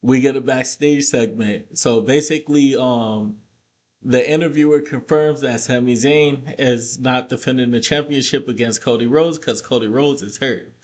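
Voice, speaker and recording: A man's voice: mid-range voice, normal speed. A man recapping a wrestling show in a casual vlog, cursing freely and breaking into heated rants. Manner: profane, ranting, animated asides.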